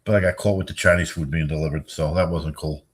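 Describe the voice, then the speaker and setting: A man's voice: steady tone, fast talker, breathy edge. A middle-aged man rambling casually on his own livestream, joking and telling stories. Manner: rambling, jokey, swings into high squeaky bits. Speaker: livestream host.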